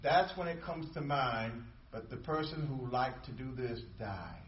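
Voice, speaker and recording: A man's voice: medium pitch, expressive, unhurried, distant mic, muffled recording, a little hiss or hum. Emphatic preacher man in an echoey church. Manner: emphatic preaching with repetition and call-and-response. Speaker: pastor. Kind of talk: sermon.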